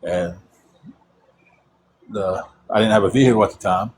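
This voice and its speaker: A man's voice: fairly low pitch, moderate pace, slight background noise. A man telling a long personal story about his faith, rambling with frequent restarts.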